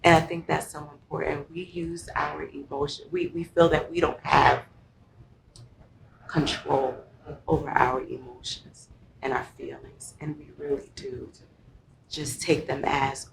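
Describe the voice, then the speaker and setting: A woman speaking as an expert guest, explaining emotions in a lively conversational way with everyday examples. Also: sits low, measured pace, creaky, roomy sound, a little hiss or hum, poor audio. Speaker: guest, mental health professional. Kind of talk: conversational teaching.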